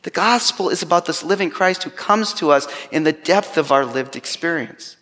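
Male preacher, fairly high voice, wry self-mocking storyteller, long hall echo. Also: lively intonation, normal speed, a bit bright. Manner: self-deprecating, humorous storytelling. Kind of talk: storytelling sermon.

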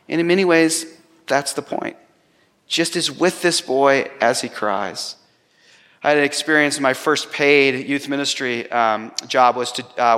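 A man's voice: mid-range voice, a bit bright. A man preaching a sermon, telling a personal story with self-deprecating humor. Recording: long hall reverb.

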